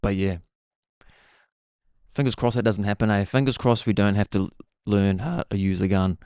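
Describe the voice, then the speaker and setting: A man's voice: fairly low pitch, steady tone, moderate pace, darkish tone, smooth, dry recording, studio quality. A young man hosting a podcast, talking in a laid-back, meandering way and dropping "bro" often. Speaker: podcast host. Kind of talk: casual rambling monologue.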